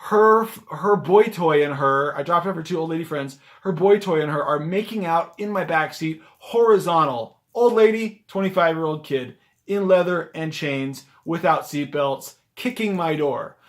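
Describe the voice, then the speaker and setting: A man's voice: fairly high pitch, normal speed. A man vlogging as a rideshare driver, telling a story casually to a camera on a gimbal, with lots of "like" fillers. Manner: chatty, animated, lots of "like" fillers. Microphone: handheld camera on a gimbal.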